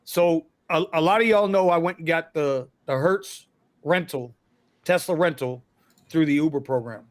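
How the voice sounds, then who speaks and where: A man hosts a casual livestream and tells a long story in a chatty, slangy way. His voice sits high. The sound is dry and close, with almost no room. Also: normal speed, dry recording. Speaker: livestream host.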